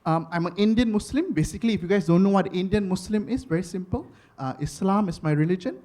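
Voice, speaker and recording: A man's voice: sits high, animated, fast, mellow. A man in his thirties with a Singaporean English accent, doing chatty stand-up comedy, with many fillers and repeated phrases. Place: comedy stage before a live audience.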